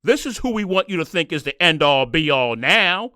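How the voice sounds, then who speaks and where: A high, lively male voice tears through a solo podcast rant, flipping between exasperated sarcasm and open anger. His tone is bright and edgy, and the close mic sounds dry. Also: moderate pace, few pauses, no echo. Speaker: podcast host. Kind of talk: solo political commentary rant.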